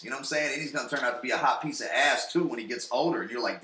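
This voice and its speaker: Male podcast host, excitable profane recapper, bright tone, echoey room. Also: medium pitch, quick pace, few pauses. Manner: profane, excitable, swings loud and soft. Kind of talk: casual episode recap.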